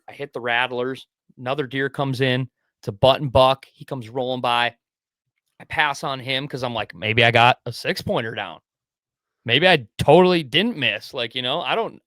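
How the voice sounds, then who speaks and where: A man's voice: mid-range voice, no room sound. A young man co-hosting a podcast, telling a hunting story in casual chat, acting out his own thoughts, whispering some and swearing now and then. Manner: animated, swears, acts out his own inner voice. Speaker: podcast co-host.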